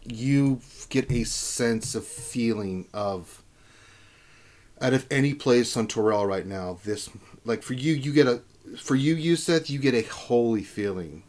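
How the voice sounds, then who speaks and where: A young man narrating as game master in a casual, halting way with fillers. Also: mid-range voice, a little mellow.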